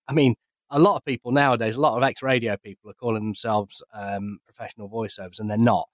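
A man co-hosts a podcast, speaking his mind bluntly and with conviction. His voice sits at a middle pitch. The recording is dry and close. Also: no room sound. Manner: blunt, opinionated. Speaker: podcast co-host. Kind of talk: casual chat.

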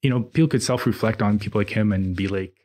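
A man with a husky, lowish voice chatting on a fitness podcast. He rambles and restarts as he tells stories about gym culture, loose and conversational. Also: fast talker, a little mellow. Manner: rambling, hesitant, many restarts. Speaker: podcast co-host and trainer. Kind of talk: casual podcast chat.

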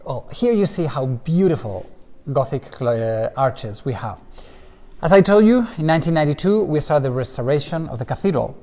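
With a fairly high voice at normal speed, the tour guide leads a casual walk through the echoing indoor cloister of a stone cathedral. He is lively and adds asides to his explanations, and the long stone reverb carries every word.

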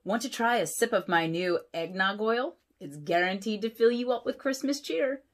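A woman's voice: medium pitch, expressive, moderate pace, voice pushed up, close to an everyday voice. A woman reading a storybook aloud, voicing a friendly, motherly female car who runs a cafe.

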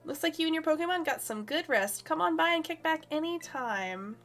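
A woman's voice: high-pitched, expressive, fairly quick, fairly bright tone, soft background music, voice pushed up. A woman reading a generous game character who offers sandwiches at a picnic, in her own voice. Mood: friendly.

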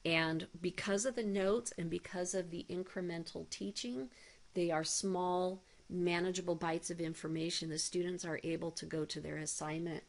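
A woman math teacher explaining a recorded demo lesson step by step, with deliberate pacing and playful asides. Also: lowish voice, steady tone, creaky.

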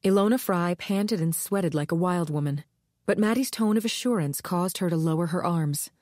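A woman's voice: on the low side, moderate pace, a little mellow, no room sound. Woman reading an audiobook, dry close sound. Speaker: audiobook narrator. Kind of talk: scripted narration.

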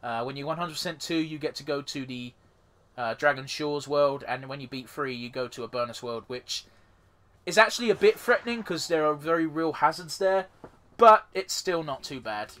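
A man's voice: fairly high pitch, bright, forceful tone. A man casually commentating his own gameplay as a let's play host, rambling and swearing freely.

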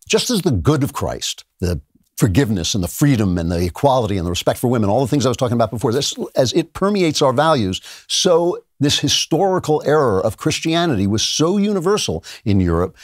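A man's voice: lowish voice, dry recording, clean studio sound. An older man hosting a show, delivering an emphatic opinion monologue in a lecturing manner. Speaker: show host.

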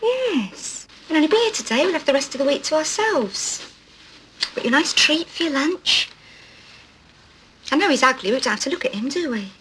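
A prim middle-aged woman putting on airs, her voice high and bright with wide, sing-song swoops. She chatters in a coaxing, bossy way, polishing her vowels, and faint noise sits under the film sound. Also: sing-song, moderate pace. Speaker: employer. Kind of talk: 1980s film drama acting.

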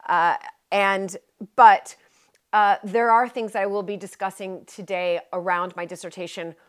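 Chatty American woman live-streaming. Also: mid-range voice. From United States. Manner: chatty and warm toward viewers, with fillers and self-corrections. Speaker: live-streaming heritage vlogger. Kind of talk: casual live-stream talk to viewers. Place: historic manor house in rural southwest England.

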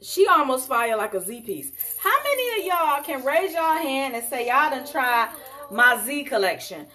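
A woman selling jewelry on a live stream, sassy and animated, calling her viewers honey. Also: high voice, normal speed, faint music behind. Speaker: online jewelry seller.

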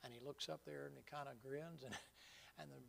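Gravelly preacher, folksy. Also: male voice, mid-range voice, normal speed. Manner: folksy storytelling, vivid and animated. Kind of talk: sermon.

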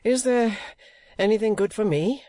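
A man voicing an anxious, eager male actor who sounds high and pleading. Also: normal speed, no room sound, clean studio sound, natural voice.

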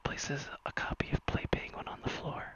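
A streamer reading a silly story aloud in a soft whisper, as whispered role-play. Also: moderate pace, muffled recording. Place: virtual-world stream.

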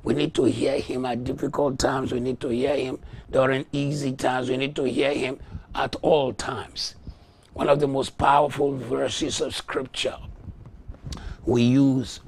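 A man preaching a sermon, slow and emphatic, rising to loud shouts when he acts out voices in a story. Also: medium pitch, flat delivery, gravelly, a little hiss or hum. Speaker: pastor.

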